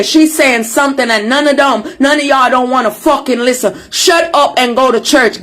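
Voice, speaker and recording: A woman with a Jamaican accent in an angry social media rant, cursing and shouting insults. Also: on the high side. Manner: furious, profane, shouting insults.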